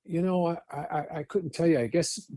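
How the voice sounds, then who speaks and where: A middle-aged New Yorker, an actor and firefighter, guests on a casual podcast interview, telling stories bluntly with frequent restarts and swearing. His voice is fairly high and warm, a little fast, with no room sound.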